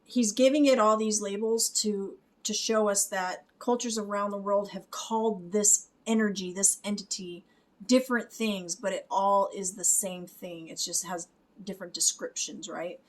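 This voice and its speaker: A woman's voice: mid-range voice, steady tone, moderate pace. Woman giving a spiritual reaction commentary. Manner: explains softly, adds "okay?" and small laughs. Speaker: spiritual reader.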